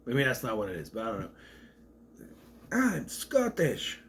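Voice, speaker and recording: A man's voice: fairly low pitch, racing, a bit bright, a little hiss or hum. A man giving a casual, rambling movie rant, with a slight stutter, acting out quotes in raised voices. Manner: mentions a stutter. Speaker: movie reviewer.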